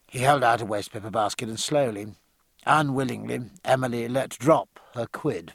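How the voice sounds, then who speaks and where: A man narrating an audiobook with an expressive, varied reading. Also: medium pitch, normal speed, vocal fry, breathy edge, no echo.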